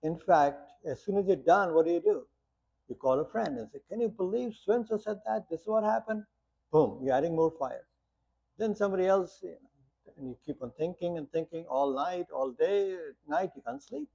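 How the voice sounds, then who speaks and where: A man's voice: on the high side, expressive, moderate pace, creaky, a little mellow, husky. A man teaching a meditation class, talking plainly with lots of rhetorical questions and short stories. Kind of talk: guiding a meditation talk. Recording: muffled lo-fi sound.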